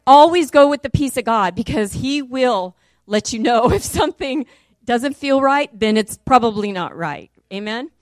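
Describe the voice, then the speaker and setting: A woman's voice: normal speed, dry recording, clean studio sound. Middle-aged woman preaching with rising fervor. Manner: animated, rising loud and high in the story. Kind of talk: sermon with testimony.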